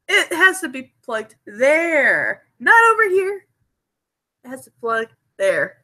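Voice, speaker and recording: A woman hosting a casual live stream from home, giddy, laughing often and repeating herself excitedly. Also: high-pitched, slow. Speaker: livestream host.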